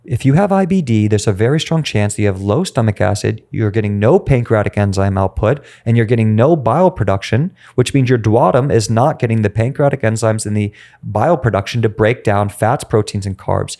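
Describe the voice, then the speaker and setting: A man, a nutritionist guest on a podcast interview, explaining and acting out stories with his clients in an animated way. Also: fairly low pitch, brisk. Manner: animated storytelling, acts out dialogue.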